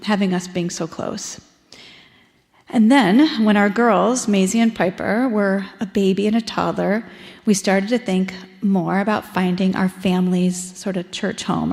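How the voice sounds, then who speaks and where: A woman's voice: medium pitch, a little mellow. A woman in her forties from Ohio giving a personal testimony in a church service, conversational and reflective with frequent ums. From Ohio, USA. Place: church sanctuary. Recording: echoey church hall with long reverb.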